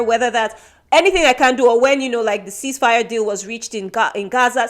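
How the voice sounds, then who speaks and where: A woman born in Nigeria co-hosting a podcast, talking earnestly and reflectively in a casual chat. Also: fairly high pitch. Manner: earnest, self-reflective, many restarts. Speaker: podcast co-host.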